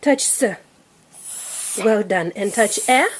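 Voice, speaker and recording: A woman's voice: medium pitch, expressive, takes it slowly. A woman teaching a young child to read at home, patiently sounding out letters and praising each try. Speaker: reading teacher. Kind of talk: phonics lesson with a young child.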